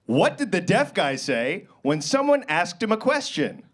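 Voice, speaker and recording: A young man doing a live stand-up set on a club stage with a handheld mic, awkward and self-deprecating with absurd deadpan jokes. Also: high voice, slow. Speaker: stand-up comedian. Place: comedy club stage, indoors. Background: loud walk-on music at times.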